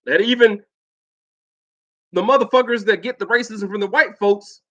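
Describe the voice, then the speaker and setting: A man's voice: high voice, normal speed, a bit bright, dull audio. An American man and Air Force veteran telling a profane personal story in a casual vlog monologue, mimicking other people's lines as he goes. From United States.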